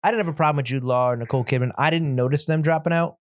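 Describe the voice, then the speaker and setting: A man's voice: on the high side, rapid-fire, dry recording, studio quality. A man co-hosting a podcast, chatting casually about a film in a rambling, easygoing way with self-deprecating humor. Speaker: podcast co-host. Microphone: studio mic.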